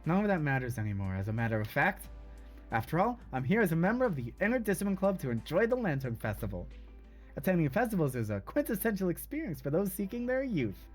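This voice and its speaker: A prickly, proud schoolgirl, voiced by a man reading a game aloud speaks in a raised, defensive voice. She snaps back quickly and hides her hurt behind bluster. The pitch lifts and swings. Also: sing-song, soft background music. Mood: deflecting. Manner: snappish, defensive. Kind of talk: reading a game's dialogue aloud.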